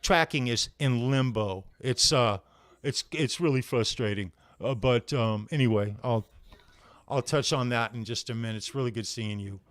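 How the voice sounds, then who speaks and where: Laid-back man greeting viewers, smooth voice. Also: mid-range voice, normal speed, a bit bright, dry recording. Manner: laid-back, friendly, says "right on, man" often. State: worn out from heavy physical labor. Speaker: live show host. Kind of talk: casual livestream chat greeting viewers.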